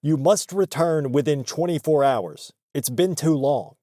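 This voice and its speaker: A man voicing a strict Greek fast-food manager in his fifties, with a flat, robotic-sounding attempt at a Greek accent and curt, deadpan orders. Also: a little high, no echo, studio quality. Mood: stern. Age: 50s.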